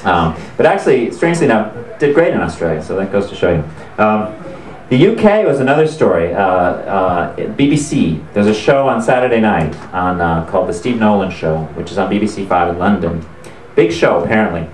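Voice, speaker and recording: A man's voice: on the low side, animated, brisk, darkish tone, a little hiss or hum. A man, an author, telling an anecdote to a live audience in a chatty, amused way, laughing as he goes. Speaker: author promoting his book. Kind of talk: storytelling talk to a live audience. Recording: roomy hall sound.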